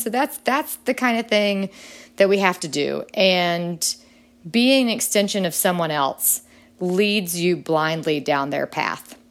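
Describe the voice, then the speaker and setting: A middle-aged woman talks earnestly as a podcast guest. Her voice sits a little low. It jumps sharply upward whenever she presses a point. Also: lively intonation, slow. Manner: earnest, with sudden upward pitch leaps when emphatic. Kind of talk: earnest conversational interview.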